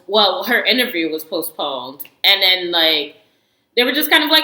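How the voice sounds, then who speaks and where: A woman casually reviewing a reality show, animated and outspoken, laughing often and swearing freely. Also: on the low side, normal speed, roomy sound, low-quality recording. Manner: slangy, animated storytelling with frequent laughs. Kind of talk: casual chat.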